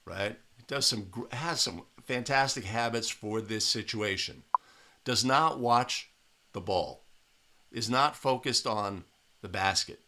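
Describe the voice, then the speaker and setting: A man with a medium-pitched, sharp voice reviews game video for basketball officials in a studio. His commentary is emphatic and coaching in tone, with points often tagged with "right?"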